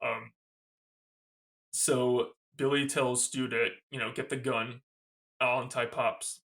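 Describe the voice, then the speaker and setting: A man co-hosting a casual movie podcast, excitable and loose with his swearing. His voice sits mid-height with a bright, forward edge. He rambles through scenes, dropping "like" and "you know" constantly. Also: mid-range voice, takes it slowly. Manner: enthusiastic, profane, retells scenes with lots of "like". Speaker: podcast co-host. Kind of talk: casual film discussion chat.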